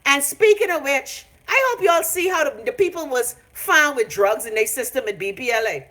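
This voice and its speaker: A woman's voice: sits high, expressive, normal speed, pushed and bright. Brash Bahamian woman ranting. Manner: brash, profane, mocking. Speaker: vlogger. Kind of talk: casual ranting live stream. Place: a home. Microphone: phone.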